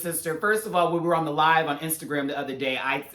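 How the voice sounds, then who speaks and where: A man giving a casual, sassy episode recap and review with animated, slangy asides. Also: fairly high pitch, quick pace. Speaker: reality TV reviewer. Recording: roomy echo.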